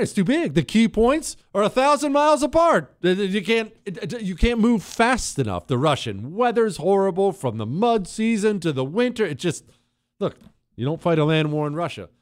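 A middle-aged man hosting a talk radio show, delivering an emphatic monologue with quick asides. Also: a little high, no echo, studio quality. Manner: animated, emphatic, quick asides and put-on quoted voices.

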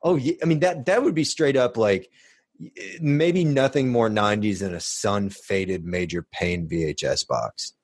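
Low-voiced man chatting about old movies. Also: a little slow, slightly rough, no echo. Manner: rambling, restarts, animated storytelling. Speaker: podcast co-host. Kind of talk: casual chat.

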